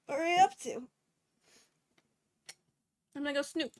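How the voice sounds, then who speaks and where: A woman's voice: high-pitched, unhurried, a little mellow, dry recording, studio quality. A bubbly, chatty woman streaming a visual novel, reading it aloud with giggles and talking to viewers while a little congested, from her home kitchen. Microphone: desk microphone, not wearing headphones.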